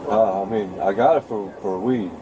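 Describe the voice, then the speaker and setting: A man's voice: fairly low pitch, normal speed, noisy background. A man questioned by police, talking in a hesitant, rambling way full of fillers, heard through an officer's body camera. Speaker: trespassing suspect being questioned. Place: outside a vacant house.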